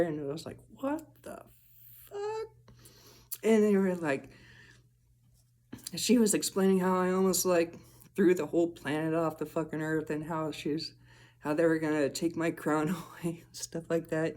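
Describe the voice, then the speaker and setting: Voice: mid-range voice, a little mellow. Rambling, profane casual vlogger. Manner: rambling, profane, chuckles often.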